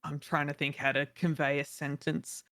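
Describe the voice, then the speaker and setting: A man player describing his character's actions in a tabletop game, slow and hesitant. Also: fairly high pitch, flat delivery, bright, forceful tone, no echo, studio quality. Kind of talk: casual tabletop game play.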